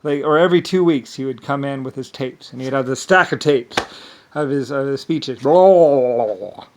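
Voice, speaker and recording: A man's voice: medium pitch, fairly even intonation, a little fast, slight background noise. A man telling a rambling story in a casual, profane way, full of fillers and laughter. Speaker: channel host.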